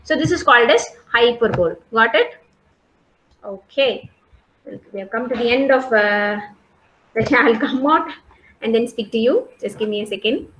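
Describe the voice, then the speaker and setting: A woman's voice: a little high, expressive, moderate pace, long pauses, a bit bright, reverberant, muffled recording, slight background noise. A woman, giving an online class as a college lecturer, explaining patiently and often checking "okay?". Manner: explains patiently, repeats points, asks "okay?" and "got it?" often. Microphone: video call.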